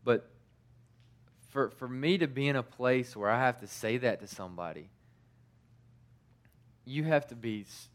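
A youth pastor in his thirties talks his congregation through a loose, personal sermon. He is a man of middle pitch who rambles and doubles back often, repeating words before he finds the next thought. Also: lively intonation, unhurried, long pauses. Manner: rambling, frequent repeated restarts and fillers. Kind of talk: casual sermon storytelling.

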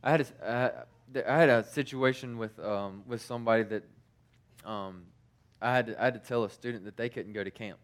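A man's voice: medium pitch, moderate pace. A man in his thirties, a youth pastor, telling stories in a casual sermon, stumbling through frequent restarts and fillers.

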